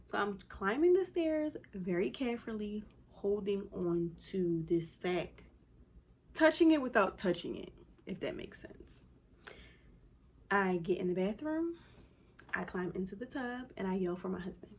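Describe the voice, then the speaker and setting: A woman vlogger telling a personal story in a casual, animated way, with many "like" fillers. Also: mid-range voice, measured pace, breathy edge.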